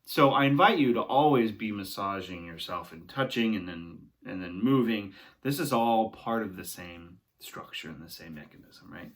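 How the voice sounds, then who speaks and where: Young male voice teacher, encouraging, talks students through exercises. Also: fairly low pitch. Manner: encouraging, talks along with exercises, often ends with "right?". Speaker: singing teacher. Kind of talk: guided vocal warm-up lesson.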